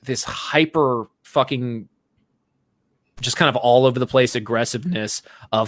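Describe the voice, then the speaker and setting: A man hosting a podcast in casual chat, blunt and animated, who swears freely. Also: mid-range voice, fairly quick, no room sound. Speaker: podcast host.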